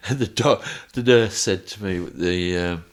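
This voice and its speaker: Deep-voiced, chuckling male storyteller. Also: takes it slowly. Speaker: guest. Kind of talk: anecdotal storytelling in a podcast interview.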